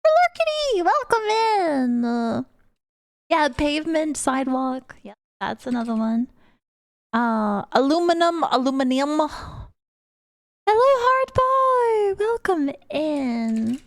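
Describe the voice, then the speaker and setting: A young woman with a British accent chats with her stream viewers in a high, bright register, greeting them and giggling often. She takes her time and lets each thought unfold. Her voice is close and dry on a desk mic, with almost no room sound. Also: big pitch swings, slow pace, no room sound. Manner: chatty, giggly, greets chat members. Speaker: VTuber streamer. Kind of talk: casual live-stream chat with viewers.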